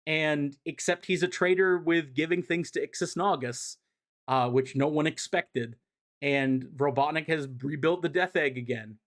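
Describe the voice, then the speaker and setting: On a live stream, a man recaps a comic series in a loose, profane, chatty way, rambling along with plenty of fillers. His voice is fairly high and a bit bright, at a normal speed, picked up by a streaming mic.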